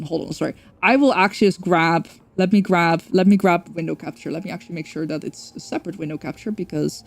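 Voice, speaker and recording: A woman's voice: on the low side, vocal fry, darkish tone. A young woman streaming a game, chatting casually and rambling, correcting herself and swearing now and then. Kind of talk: casual livestream chat.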